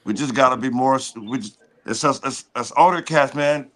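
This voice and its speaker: Bright-voiced man, blunt and emphatic. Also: mid-range voice, normal speed. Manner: blunt and emphatic, swears freely. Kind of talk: casual chat.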